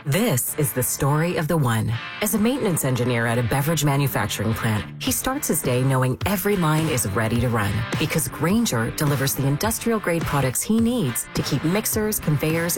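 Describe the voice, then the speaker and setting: A woman with a very low voice reads a commercial with a lively, swinging pitch. Guitar music plays clearly under her. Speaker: commercial announcer. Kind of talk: scripted ad voice-over.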